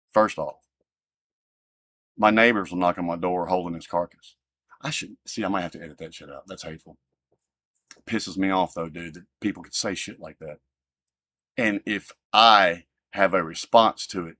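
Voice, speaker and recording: A man hosting a livestream launches into a profane, heated rant. His pitch leaps around animatedly, loud outbursts giving way to low muttering. The sound is dry and close. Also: lively intonation, normal speed, no echo. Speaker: livestream host. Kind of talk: heated ranting livestream talk.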